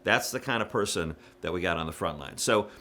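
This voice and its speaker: A man's voice: low voice, animated, brisk, bright, forceful tone, slight background noise. A man giving frank, casual coaching to church singers, with plenty of fillers and little demonstrations. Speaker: worship music director. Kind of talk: instructional talk to church singers.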